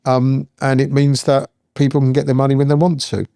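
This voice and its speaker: A man's voice: mid-range voice, monotone, a little fast, creaky, dark tone, dry recording, studio quality. A man in his sixties, guest on a podcast, talking in a rambling, chatty way with lots of fillers and restarts. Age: 60s. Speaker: guest, founder and accountant. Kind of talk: casual podcast interview.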